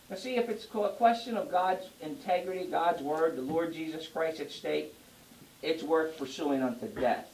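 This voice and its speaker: Preacher, animated and jokey, builds to loud emphasis; roomy church echo, mic set back, faint hiss. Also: mid-range voice, far from the mic. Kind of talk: sermon. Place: church before a congregation.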